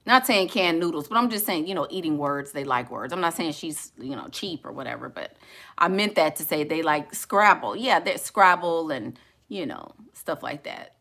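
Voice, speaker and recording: Woman, vlogger, casual joking chat, bright tone, playful. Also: low-pitched, animated, moderate pace. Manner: chatty, playful, laughs often. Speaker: vlogger talking to live viewers.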